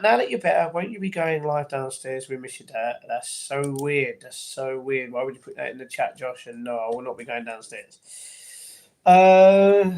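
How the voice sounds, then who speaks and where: A man's voice: fairly high pitch, darkish tone. Chatty man answering his livestream chat. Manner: chatty, answers chat messages aloud, mildly defensive. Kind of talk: casual live-stream chat.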